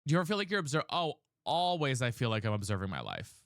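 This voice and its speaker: A man livestreaming a candid casual chat, talking in an earnest, searching way with halting restarts. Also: mid-range voice, wildly swooping pitch, a bit bright, no room sound, studio quality.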